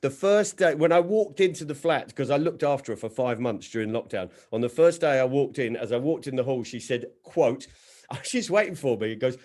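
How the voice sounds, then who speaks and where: A man doing stand-up storytelling on a video call, swinging between loud acted quotes and low, dry asides. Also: lively intonation, a little fast. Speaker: stand-up comedian. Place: home setup on a video call.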